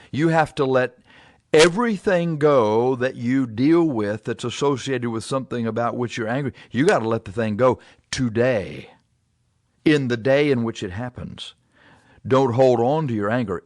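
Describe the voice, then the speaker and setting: A man preaching a sermon in a plain, conversational way, pausing and repeating himself as he works through his points. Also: medium pitch, no echo. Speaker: pastor.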